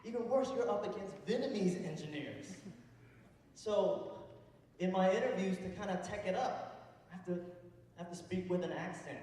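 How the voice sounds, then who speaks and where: A man's voice: sits high, a little slow, long pauses. A man in his thirties doing a stand-up comedy set, acting out voices, recorded from a distance in a noisy hall with laughter behind. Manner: animated, acts out voices and mock accents. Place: large hall before a live audience. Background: audience laughter.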